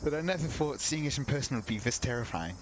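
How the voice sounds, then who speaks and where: A man's voice: mid-range voice, animated, quick pace, a little hiss or hum, rough recording. A man reading a visual novel's narration aloud during a let's play, breaking off into wry, casual comments. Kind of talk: reading game text aloud with casual asides.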